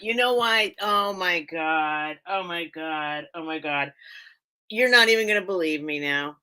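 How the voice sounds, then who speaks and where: Casual live-sale host, a woman, rambling and giggly, with a bright voice and a slow, leisurely delivery. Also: fairly low pitch, clean tone. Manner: rambling, chatty, laughs often, loses train of thought. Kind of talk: casual live-stream chat.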